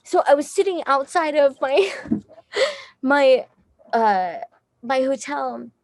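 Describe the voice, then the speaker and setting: A woman's voice: high voice, lively intonation, slow pace, no echo, clean studio sound. A young woman from Texas, a musician guest telling a story casually, rambling with lots of fillers, swearing and laughing often.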